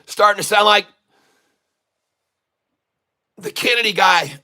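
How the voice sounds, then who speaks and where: Male stock streamer, high-pitched and hoarse, folksy coaching patter. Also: normal speed, bright, forceful tone. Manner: folksy, repeatedly calls viewers folks; coaxing, repeats instructions. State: hoarse from long hours of talking. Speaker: day-trading livestream host. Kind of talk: live trading commentary to chat.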